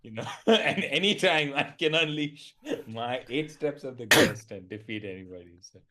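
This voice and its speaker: A man playing in a tabletop game, relaxed and chuckling, with many fillers. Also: mid-range voice, normal speed. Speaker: player. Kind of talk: casual tabletop game play.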